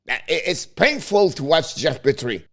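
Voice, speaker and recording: Frustrated hockey commentator with tinged English. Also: male voice, a little high, very animated, moderate pace. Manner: heated, frustrated, repetitive, broken English phrasing. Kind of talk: ranting fan commentary.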